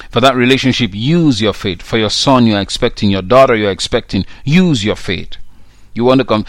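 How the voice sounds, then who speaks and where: Emphatic male preacher, low and dry. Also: fairly quick, dry recording. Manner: emphatic, repeats key phrases. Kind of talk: sermon with prayer.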